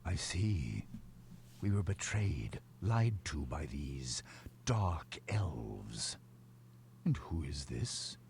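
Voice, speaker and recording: A man's voice: extremely low pitch, very animated, very slow, creaky, darkish tone, slight background noise, full character voice. An actor playing a proud, wrathful old dwarf king in a video game, with a commanding, suspicious manner.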